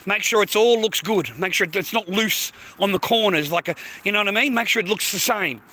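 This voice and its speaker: A man's voice: sits high, moderate pace, sharp tone. A middle-aged man giving coarse, swearing, emphatic advice to other men in a blunt monologue.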